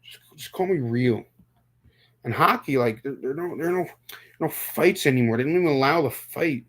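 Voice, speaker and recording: A man's voice: medium pitch, expressive, moderate pace, fairly bright tone. A young man from New York talking casually on a live stream, rambling, stumbling over repeated words and answering viewers. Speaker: livestream host.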